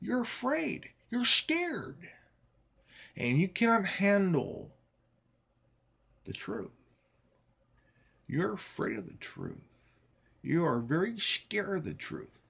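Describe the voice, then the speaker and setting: A man delivers an angry, profane vlog rant, defiant and full of emphatic repetition. His voice sits a little high and swings widely in pitch. He speaks slowly and deliberately, leaning hard on each word. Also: wildly swooping pitch, vocal fry, sharp tone, breathy edge. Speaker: YouTube channel host. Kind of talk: angry ranting monologue.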